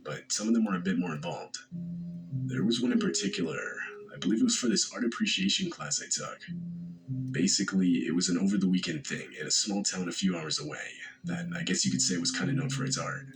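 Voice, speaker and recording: A man narrating a first-person horror story in a steady, measured way. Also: low-pitched, gravelly, over music, poor audio. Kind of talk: scripted narration.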